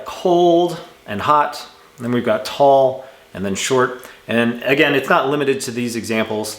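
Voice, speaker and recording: A man teaching an English grammar lesson from home, in a relaxed, chatty way that often corrects itself. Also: mid-range voice, echoey room. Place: home room with a cat.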